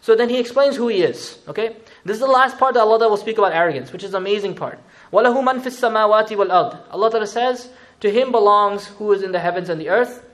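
A man gives a sermon in a high, quick voice. He moves from recited verses to loose, chatty explanation and throws in slangy asides along the way. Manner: conversational, mixes Arabic recitation with English explanation; animated, uses asides and slang. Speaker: Islamic preacher.

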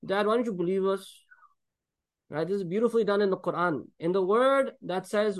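A man preaching a sermon, explaining Quran verses with Arabic recitation, animated and joking as he acts out the people in the story. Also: sits high, fairly quick. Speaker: Islamic preacher.

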